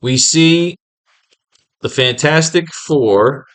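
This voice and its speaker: A man's voice: on the high side, drawn-out words, fairly bright tone. A man teaching comic writing in a casual, rambling and profane way, acting out scenes as he plans pages.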